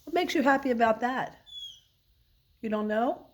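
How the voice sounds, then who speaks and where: A woman's voice: a little high, lively intonation, normal speed. A woman vlogger talking to her dog in a playful, mock-scolding way, asking him questions.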